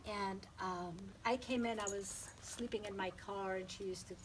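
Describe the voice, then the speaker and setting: A woman's voice: medium pitch, fairly even intonation, normal speed, noisy background. A woman giving a heartfelt eulogy at a memorial, telling personal stories and laughing through the funny parts. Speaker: eulogy speaker.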